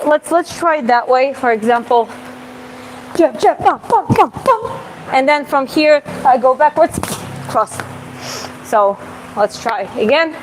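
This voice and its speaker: A woman boxing coach answers viewers' questions live while demonstrating punch combinations on a bag in a gym, explaining casually and marking each punch with quick "boom" sounds. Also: darkish tone, a little hiss or hum, low-quality recording.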